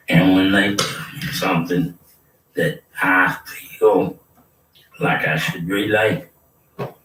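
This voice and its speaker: A man's voice: low voice, sharp tone. An older man, delivering a rambling, preachy and threatening monologue. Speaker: self-proclaimed prophet. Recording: roomy, distant mic with faint noise.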